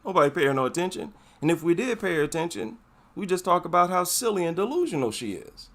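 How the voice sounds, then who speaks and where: A man's voice: high-pitched, very animated, fast, a bit bright. A man giving casual, emphatic commentary, repeating his points for effect. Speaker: MMA commentary vlogger.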